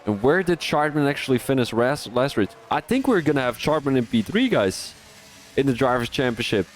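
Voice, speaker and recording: Man, sim-race streamer-commentator, excitable, trips over his words, faint hiss behind. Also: medium pitch, fairly quick. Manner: excitable, rising sharply at overtakes, many restarts. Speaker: sim racing league commentator.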